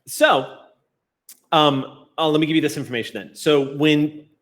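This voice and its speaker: A man's voice: a little high, fairly bright tone. Man narrating as game master. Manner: descriptive, unhurried narration with rules checks.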